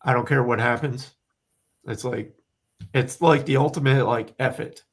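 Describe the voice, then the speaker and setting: A hoarse man co-hosting a casual spiritual live stream, candid and rambling, who says he is losing his voice. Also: mid-range voice, fairly even intonation, moderate pace. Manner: candid, rambling, restarts often. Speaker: co-host, spiritual medium.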